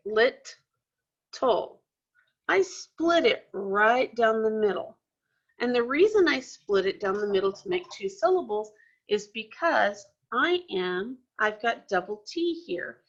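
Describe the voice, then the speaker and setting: A woman teacher talks slowly and deliberately through a lesson for young children, spelling things out one step at a time. Her pitch sits in an ordinary middle range. The recording sounds dull and a little lo-fi. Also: fairly bright tone. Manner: patient, step-by-step explaining to children. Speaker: second grade teacher.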